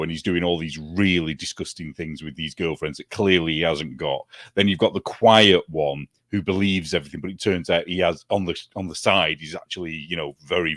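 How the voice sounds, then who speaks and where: British guest, chatty and amused, deep voice, dry recording. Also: male voice, no echo. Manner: chatty, laughs often. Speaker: guest commentator. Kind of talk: casual chat.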